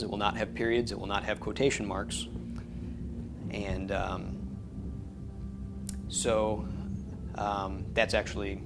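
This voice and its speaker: Low-voiced man teaching a class. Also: noisy background. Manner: patient, explanatory, with many ums and restarts. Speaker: Hebrew teacher. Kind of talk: classroom lecture.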